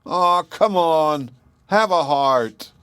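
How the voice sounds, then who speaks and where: Guy doing a whiny little troublemaker kid, high pleading voice. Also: expressive, extremely slow, a bit bright, clean tone, dry recording, heavily acted. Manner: whining, pleading. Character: mischievous young boy, wheedling.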